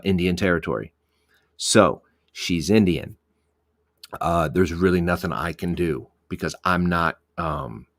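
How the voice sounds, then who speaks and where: A police officer telling a work story in a rambling, profane way, with many restarts. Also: male voice, low voice. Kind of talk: casual podcast storytelling.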